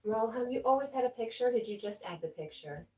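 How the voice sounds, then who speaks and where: A middle-aged woman hosting a livestream from home on a laptop mic. She chats casually, reads viewer comments aloud and laughs often, clearly amused by herself. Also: on the high side, expressive, brisk, dark tone, poor audio. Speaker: livestream host.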